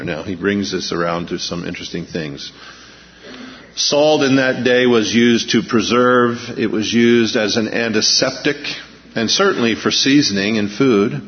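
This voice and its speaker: A man preaching a sermon as pastor, emphatic, slowing down to read scripture and pressing key points. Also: fairly low pitch. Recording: muffled lo-fi with long hall reverb.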